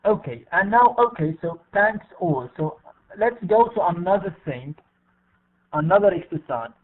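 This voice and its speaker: This is a fairly high-voiced man, running an online English class and patiently repeating names and words. His voice comes through a tinny, phone-like call line. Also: animated, unhurried, recorded from a distance. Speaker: English teacher. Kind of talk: online class, calling on students. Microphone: online video call.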